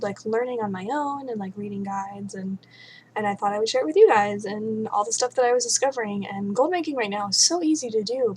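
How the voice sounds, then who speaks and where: A bubbly young woman talks casually to her viewers, her fairly high voice tumbling along in loose, rambling sentences. She is recorded on a webcam mic, with a faint hiss of room noise behind her. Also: a little mellow. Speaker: vlogger answering viewer questions. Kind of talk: casual chat.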